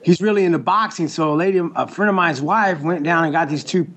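A man's voice: on the high side, quick pace, a bit bright. A young man, a tattoo artist, telling stories in a casual, laid-back way and swearing freely. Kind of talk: casual chat.

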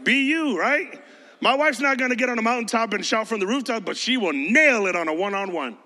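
A man's voice: very high voice, animated, brisk, sharp tone, long reverb tail. A man preaching a sermon as a pastor, emphatic and conversational, breaking into mocking impressions.

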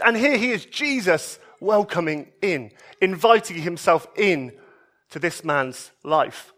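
A man preaching a sermon, expressive, moving between emphatic raised passages and soft, low ones. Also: measured pace.

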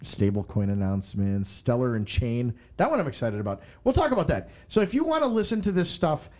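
A man's voice: medium pitch, very animated, fairly quick, darkish tone. A man hosting a casual podcast chat, joking around and stumbling as he reads aloud. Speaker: podcast host.

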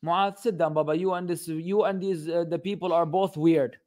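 A man's voice: a little high, steady tone, normal speed, a little mellow. Blunt, joking man answering questions. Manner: mixes in Arabic phrases. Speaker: host answering viewer questions. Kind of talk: casual live Q and A.

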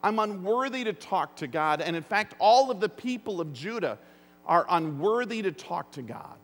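A man preaching a sermon as pastor, earnest and emphatic, with deliberate phrasing. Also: high-pitched, expressive, a bit bright. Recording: long reverb of a large hall.

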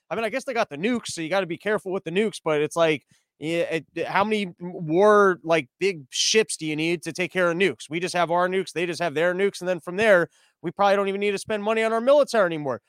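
A man hosting a casual podcast monologue, rambling, profane and animated. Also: high voice, no echo. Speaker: podcast host.

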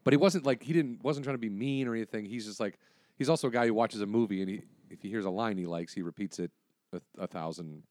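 A man from Illinois co-hosting a casual chat, telling rambling stories with laughs and quick impressions. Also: fairly low pitch, darkish tone, dry recording, clean studio sound.

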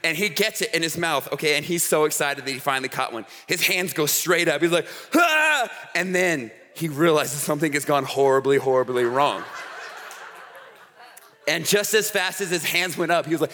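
A man gives a camp sermon in a high, bright voice. He tells stories in an animated way, throwing "okay?" and "all right?" to the crowd. Long reverb hangs around him from the big hall. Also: a little fast. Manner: animated storytelling with frequent "okay?" asides. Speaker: camp speaker. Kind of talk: youth sermon. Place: large hall with an audience.

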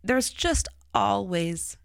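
A woman's voice: mid-range voice, lively intonation, drawn-out words, vocal fry, no echo. A middle-aged woman with a touch of a Chicago accent, co-hosting a church podcast and talking candidly and reflectively, trailing off and restarting her thoughts. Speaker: podcast co-host. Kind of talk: casual church podcast discussion.

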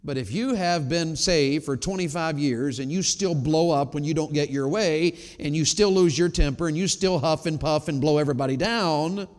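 High-voiced fervent male preacher, long hall echo. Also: moderate pace, hardly any pauses. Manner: fervent preaching, swings from loud emphatic peaks to low quiet asides. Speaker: pastor. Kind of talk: sermon. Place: church sanctuary. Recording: long reverb of a large church hall.

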